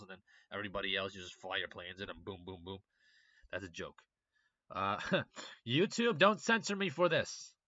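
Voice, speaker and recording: A man's voice: on the low side, pushed and bright, no room sound, lo-fi sound. A young man doing a casual, profane political rant for his channel, sarcastic and heated. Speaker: political commentary channel host. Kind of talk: casual ranting commentary.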